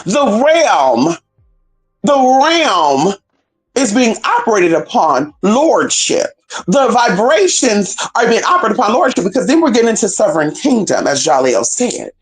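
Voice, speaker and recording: Brief: fiery profane preacher on a stream, wildly swinging pitch, shouted call-outs. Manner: call-and-response exclamations, heavy cursing, swoops between high cries and low asides; reads scripture slowly and drawn out. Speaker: spiritual teacher streaming a talk.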